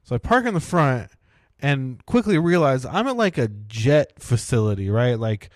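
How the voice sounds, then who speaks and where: A man's voice: medium pitch, big pitch swings, moderate pace, no echo, clean studio sound. Rambling man telling a story. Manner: rambling, many "like" and "right?" fillers. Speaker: podcast co-host. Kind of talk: casual storytelling.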